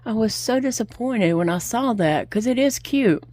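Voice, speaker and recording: A woman's voice: on the high side, expressive, moderate pace, a little mellow, no room sound. A middle-aged woman, chatting casually and telling stories, laughing often as she crochets at home. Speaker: crochet vlogger. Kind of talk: casual chat while crocheting.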